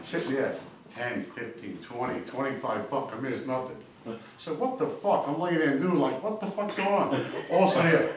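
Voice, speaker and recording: A man doing a brash, animated stand-up routine on a comedy club stage. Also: mid-range voice, moderate pace. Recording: echoey comedy club, distant mic, noisy.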